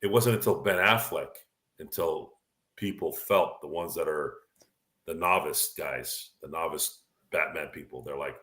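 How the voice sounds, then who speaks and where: A man's voice: very deep voice, unhurried, a bit bright. A man hosting a casual chat, talking in an opinionated, rambling way with frequent restarts. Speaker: podcast host. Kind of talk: casual sports and movie chat.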